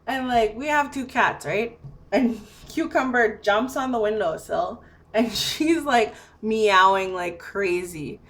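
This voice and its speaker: A woman's voice: medium pitch, takes it slowly. A woman telling a casual story to her camera, full of "like" and "you know", acting out her own lines as she goes. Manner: animated, filler-heavy, acts out her own lines. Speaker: vlogger.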